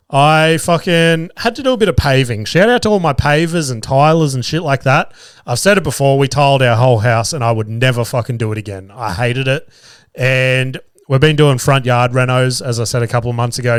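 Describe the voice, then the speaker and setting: This mid-range male voice comes through a dry, studio-quality recording. A young Australian podcast host tells casual stories, profane and self-mocking, acting out the other people in them.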